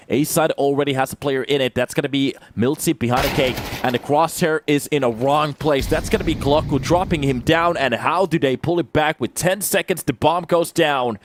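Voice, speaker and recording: A young man giving live play-by-play commentary on an esports match, swinging from calm analysis to loud bursts of excitement. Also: fairly quick, hardly any pauses, a little hiss or hum. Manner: calm analysis that jumps to loud, high-pitched excitement on big plays. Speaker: esports caster.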